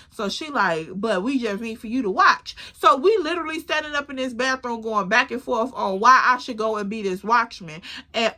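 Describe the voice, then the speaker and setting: Bright, animated young woman telling a story. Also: a little high. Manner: animated, acts out dialogue, swears freely. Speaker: storytime vlogger. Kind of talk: casual storytelling.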